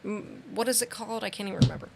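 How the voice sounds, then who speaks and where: A crowd can be heard behind a young woman who rattles off a true-crime story at rapid-fire speed in a creaky, mid-range voice while co-hosting a podcast. It's casual, animated storytelling, heavy on "like"s and acted-out quotes.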